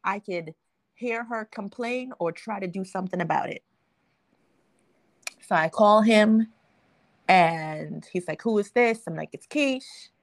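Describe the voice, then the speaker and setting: A woman's voice: medium pitch, lively intonation, slow pace, long pauses, dry recording. A young adult woman hosting a podcast, telling a story in casual chat and acting out the quotes, laughing often. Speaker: podcast host.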